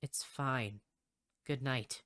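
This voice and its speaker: A man voicing a cold, curt male pigeon teacher from a game, reading the dialogue in a low, clipped, dismissive way. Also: extremely slow, a bit bright, dry recording.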